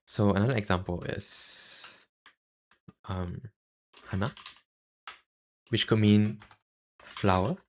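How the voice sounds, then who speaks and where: Slow, low-voiced male streamer. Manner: halting, filler-heavy, self-deprecating. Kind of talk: casual livestream chat.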